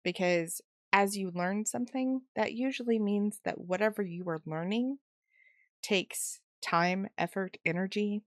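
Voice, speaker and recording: A woman's voice: medium pitch, unhurried, dry recording, studio quality. A woman co-hosting a podcast in casual chat, playful and self-mocking, laughing often. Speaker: podcast co-host.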